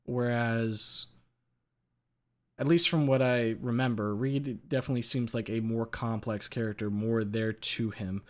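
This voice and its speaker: A man's voice: mid-range voice, steady tone, a little slow. A man hosting a casual video-game chat, talking thoughtfully and hesitantly with many filler words. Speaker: podcast host.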